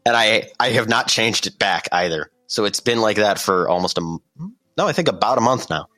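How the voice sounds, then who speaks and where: A man's voice: on the low side, expressive, a little fast, bright, forceful tone, no room sound. A teenage boy chatting casually as a podcast guest, blunt and jokey. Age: teens. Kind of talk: casual chat.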